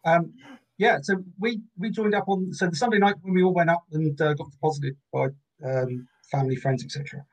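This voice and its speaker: A man's voice: on the high side, steady tone, fairly quick, rough recording. A Cornish man in his fifties, a guest recalling details precisely, with many hesitant fillers. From Cornwall, England. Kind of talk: casual chat.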